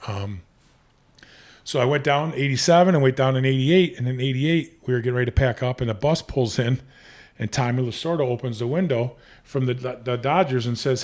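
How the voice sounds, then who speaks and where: A man's voice: mid-range voice, brisk, darkish tone. A man in his fifties, a podcast guest, telling long casual stories with many restarts and fillers. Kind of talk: casual storytelling.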